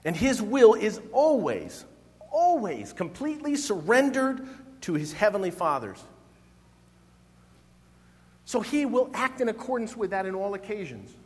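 A man's voice: sits high, measured pace, pauses often, long reverb tail. A man preaching a sermon as pastor, speaking expressively and with emphasis. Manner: expressive, emphatic, acts out quoted voices.

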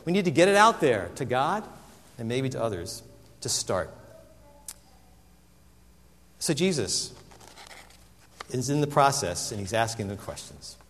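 A man preaching a sermon, animated and dramatic, acting out the voices he quotes. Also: medium pitch, unhurried, long pauses, in a large hall. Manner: animated, acts out quoted voices with big swings. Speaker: pastor.

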